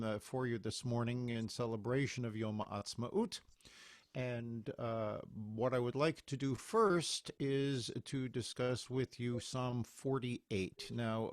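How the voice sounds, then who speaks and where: A mid-range male voice with no echo belongs to a cantor who chats in a jokey, rambling, self-mocking way. After the casual talk he leads a virtual chapel service, speaking into a computer microphone on a video call.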